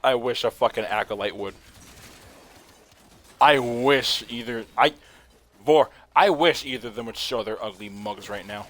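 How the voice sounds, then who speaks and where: A man's voice: on the low side, moderate pace. A man giving casual gameplay commentary, trash-talking enemies with profanity and laughing at the game. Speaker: gaming streamer.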